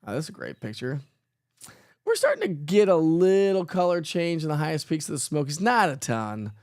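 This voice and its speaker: A man's voice: fairly high pitch, huge pitch swings, moderate pace, a little mellow, dry recording, clean studio sound. Chatty, playful man forecaster. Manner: chatty, playful, self-joking, laughs often. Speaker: weather forecaster host. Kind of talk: casual live weather chat.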